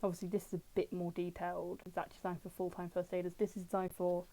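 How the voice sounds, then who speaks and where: Mellow-voiced British woman chatting on stream. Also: lowish voice, flat delivery, quick pace, low-quality recording. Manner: chatty, digressive, answers chat with jokes. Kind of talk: casual livestream chat reviewing old books. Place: at home with her dog.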